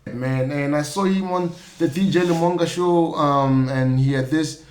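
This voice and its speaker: A man's voice: a little high, measured pace, a little mellow. Chatty South African man in an echoey room. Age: young adult. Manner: loose and chatty, many fillers like "you know what I mean", jokey asides. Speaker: podcast host. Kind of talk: casual solo commentary.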